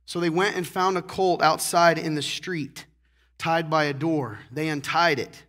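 Joking, animated man preaching a sermon. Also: on the high side, a little slow. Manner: joking, animated, acts out characters; clears throat often. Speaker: pastor.

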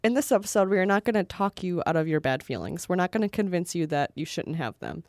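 A woman's voice: fairly low pitch, animated, fast talker, darkish tone, no room sound, studio quality. A woman co-hosting a podcast in casual chat, wry and joking, often laughing mid-sentence. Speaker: podcast co-host.

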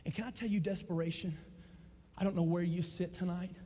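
A young man, preaching a testimony sermon and swinging from loud shouts to hushed low tones. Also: fairly even intonation, fairly quick. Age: 20s. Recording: long reverb of a large hall.

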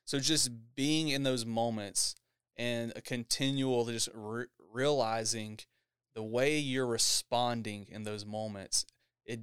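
A man's voice: mid-range voice, steady tone, takes it slowly, a bit bright, clear, resonant tone, no echo, clean studio sound. A man hosting a church podcast, talking in an upbeat, casual interview style and laughing often.

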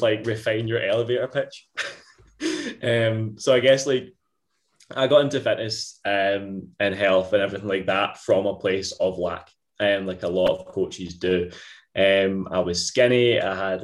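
Upbeat Scottish man, flat low voice. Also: moderate pace. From Ayrshire, Scotland. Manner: chatty, upbeat, lots of mate and wee. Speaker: guest, online fitness coach. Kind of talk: casual podcast interview.

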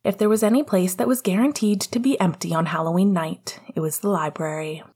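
A woman narrating a fan fiction audiobook in a soft, even storytelling manner. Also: fairly low pitch, fairly quick, husky.

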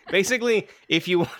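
This man co-hosts a podcast, keeping the chat casual with frequent jokes and laughter. His voice is high-pitched and a bit bright, and the studio sound is clean and dry.

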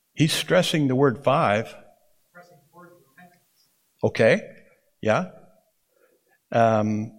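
A man of ordinary pitch teaching a Bible class in a classroom. He explains in a relaxed, conversational way and often turns to the students with "okay?" or "right?". His voice sits in an unremarkable middle range.

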